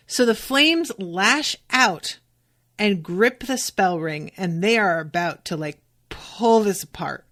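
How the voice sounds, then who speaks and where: Young woman podcaster, slow delivery, reads a book aloud and reacts with casual swearing. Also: mid-range voice. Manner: casual, swears freely, breaks into excited reactions. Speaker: podcast host. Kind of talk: reading a novel aloud and reacting.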